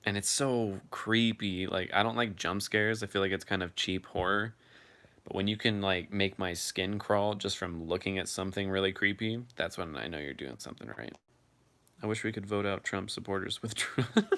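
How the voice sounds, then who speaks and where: A man's voice: low voice, normal speed, fairly bright tone. A man hosting a casual live chat, reading viewer comments aloud and answering them in a loose, freely swearing way.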